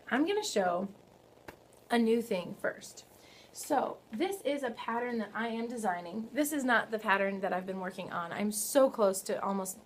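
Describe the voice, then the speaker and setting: A young woman hosting a knitting podcast from home, chatting casually and excitedly, full of fillers and self-corrections. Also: medium pitch, slight background noise. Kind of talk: casual video podcast chat. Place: home, early morning.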